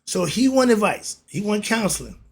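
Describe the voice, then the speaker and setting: A man hosting his own religious commentary, speaking, emphatic and preachy, reading passages slowly and then riffing on them. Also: high-pitched, sing-song, gravelly, slight background noise. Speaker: host.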